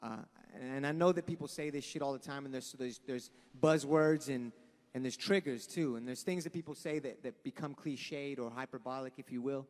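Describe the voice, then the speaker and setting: A young man from Los Angeles, frontman of a band, gives an earnest, rambling, profane speech to a live crowd at an outdoor event. His voice is medium-pitched, a little mellow, at a moderate pace, with long echoing reverb from the sound system.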